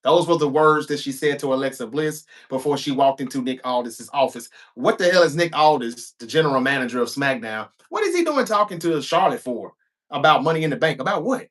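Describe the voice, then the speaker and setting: A man's voice: on the high side, lively intonation, brisk, a bit bright. A man hosting a show, recapping a wrestling episode in a casual, chatty way with offhand asides.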